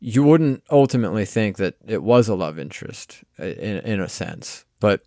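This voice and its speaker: A man co-hosting a casual film review podcast, rambling in a relaxed way and often trailing off quietly. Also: fairly low pitch, moderate pace, no room sound, studio quality. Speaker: podcast co-host.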